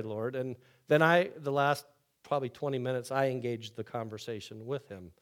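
An older man, the pastor, preaching a sermon with a chatty storytelling manner, swinging from loud lively stretches to quiet low ones.

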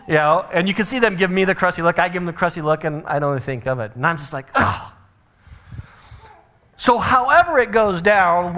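A middle-aged man preaching a sermon as pastor, telling stories with animated acted-out quotes. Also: fairly high pitch.

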